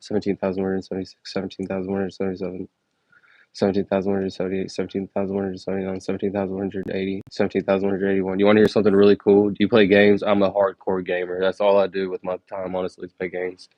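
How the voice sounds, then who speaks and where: A young man live streaming, counting numbers quickly and chatting with viewers in a low-key, filler-heavy way. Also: monotone, a little mellow, no room sound, muffled recording. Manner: rapid, low-key counting broken by chatty asides with many "like"s. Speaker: livestreamer.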